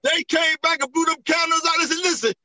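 A man swapping childhood memories in a casual chat, emphatic and quick to agree. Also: very high voice, level tone, bright, forceful tone, no room sound, rough recording. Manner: emphatic, eager agreement, laughs often.

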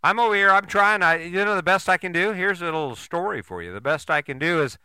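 A man's voice: high voice, lively intonation, fast talker, bright, forceful tone, smooth, dry recording. An older man, a podcast host, giving a blunt motivational monologue full of swearing and rhetorical questions.

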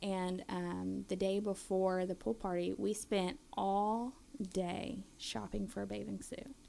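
A woman's voice: medium pitch, level tone, takes it slowly, vocal fry, dark tone. A woman in her thirties telling a family story casually and animatedly, acting out her kids' voices.

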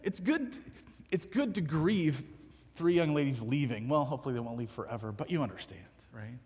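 A man's voice: sits high, slightly rough, in a large hall. A man in his thirties preaching a sermon, earnestly asking the congregation questions and often restarting his sentences. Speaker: pastor.

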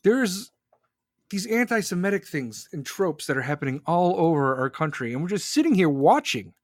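A man's voice: fairly high pitch, sing-song, normal speed, no echo, clean studio sound. A man hosting a podcast, delivering an angry, profane political rant. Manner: furious, profane, ranting. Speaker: podcast host.

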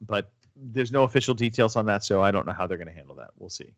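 A man's voice: lowish voice, lively intonation, fast, no room sound. A man hosting a casual gaming podcast, rambling with lots of fillers and restarts. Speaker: podcast host. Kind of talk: casual chat about video games.

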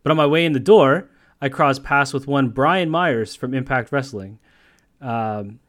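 A man's voice: medium pitch, unhurried, a bit bright. Swearing, rambling podcast co-host man. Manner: rambling storyteller, swears freely. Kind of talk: casual chat.

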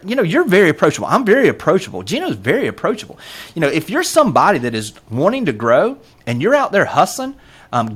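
A man with a Southern US accent tells his story in casual interview chat. His pitch rises and falls widely as he gets going. He talks earnestly and keeps stopping to say um and you know. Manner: earnest, animated storyteller with many fillers. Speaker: podcast guest.

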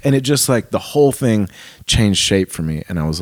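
A man in his forties, a pastor, chatting casually and acting out remembered conversations in a soft voice. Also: fairly low pitch, expressive, brisk, no room sound. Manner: storytelling, acts out dialogue softly. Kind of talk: casual podcast chat.

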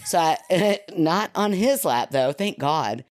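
A woman from Kentucky telling a story in casual podcast chat, animated and often laughing as she talks. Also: sits low, slow, no room sound, studio quality.

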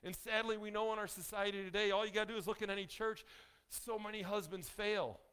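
A male pastor preaching a sermon in a folksy, joking way, slowing down to stress key phrases. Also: sits high, fairly even intonation, fairly bright tone, smooth. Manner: folksy, joking asides to the congregation; emphatic, slows down on key phrases.

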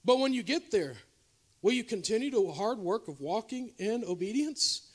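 A man with a very high-pitched voice preaches a revival sermon. He moves between loud, urgent exhortation and soft, confiding asides, talking straight to the congregation like a pastor among friends. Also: animated, normal speed, husky. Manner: preaching with shifting loudness, from shouting highs to quiet confessional lows. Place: church revival service.

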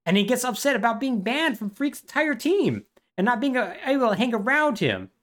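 Speaking briskly in a very high, sing-song voice with a fairly bright tone, this man co-hosts a podcast. In casual chat he gives a sarcastic, wry recap of a video game plot, performing the characters' dialogue himself.

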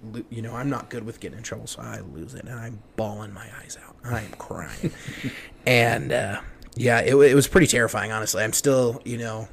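A young man telling a story as a podcast guest, rambling with many fillers and restarts, dropping to a hush at the tense parts. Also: mid-range voice, creaky. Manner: rambling, many fillers and restarts, hushed when retelling fear. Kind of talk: casual storytelling.

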